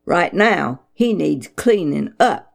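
A firm father, put on by a woman reading a storybook, booms his refusals slowly. The voice is animated and gravelly. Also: heavily acted. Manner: firm, booming.

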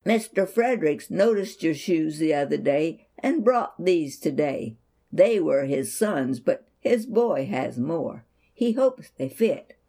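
Voicing a gentle, pious mother in a storybook, a female reader speaks low and slowly in a full character voice. Her delivery is soft, mellow and motherly, soothing and reassuring, carried by calm, steady faith.

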